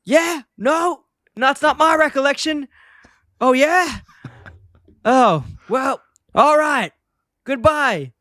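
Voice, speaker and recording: A man voicing an irate cartoon dad yelling down the phone in a high, strained voice. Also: animated, slow, long pauses, no echo, exaggerated voice. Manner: shouting, high strained pitch.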